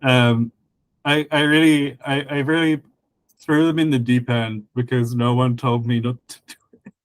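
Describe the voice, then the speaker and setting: A man chatting casually on a podcast, explaining a constructed language, with many fillers and a patient, halting delivery. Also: medium pitch, fairly even intonation, smooth, no room sound, low-quality recording. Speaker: conlang creator guest and co-host. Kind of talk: casual podcast chat about linguistics.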